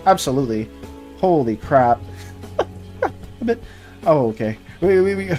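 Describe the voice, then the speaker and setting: A streamer chatting casually on a live art stream, tripping over words and restarting sentences in a flustered rush. The pitch swings widely, jumping high when excited and dropping low when calmer. Faint music plays underneath.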